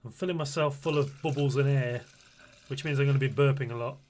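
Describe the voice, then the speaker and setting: A man's voice: mid-range voice, steady tone, quick pace, a little mellow. A British man in his forties, chatting casually and a bit flustered while live streaming. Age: 40s. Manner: chatty and flustered, laughing often.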